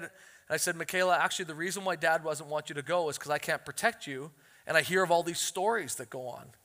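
Male pastor preaching with a high, bright voice and animated storytelling, booming hall reverb. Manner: animated storytelling, acts out quotes. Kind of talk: sermon.

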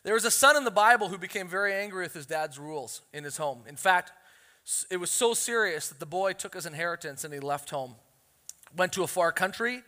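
A man preaching a sermon as a pastor, telling family stories in an animated way and acting out the quotes. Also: high-pitched, brisk. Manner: animated storytelling, acts out quotes. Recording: long hall reverb.

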